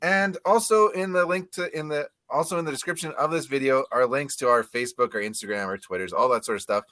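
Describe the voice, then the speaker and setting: A man's voice: medium pitch, fast, bright, forceful tone, dry recording. A man hosting a casual film review chat, talking loosely with lots of "like" fillers. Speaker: podcast host.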